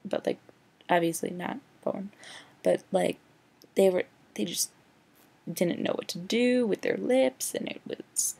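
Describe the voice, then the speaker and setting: Gravelly, sarcastic young woman ranting. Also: medium pitch, unhurried, long pauses, darkish tone. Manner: sarcastic, rambling, heavy use of "like". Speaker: vlogger. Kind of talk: casual movie rant.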